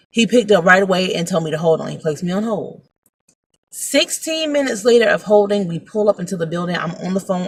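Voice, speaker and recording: Blunt, gravelly-voiced woman vlogger. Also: lowish voice. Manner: blunt, animated, swears freely. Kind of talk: casual storytime vlog. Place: outdoors, arriving at a building.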